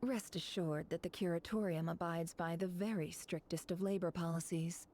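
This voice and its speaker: A woman's voice: fairly low pitch, steady tone, normal speed, a little mellow, natural voice. An actress playing a sardonic, bossy woman employer in a video game, talking in a dry, teasing, commanding way.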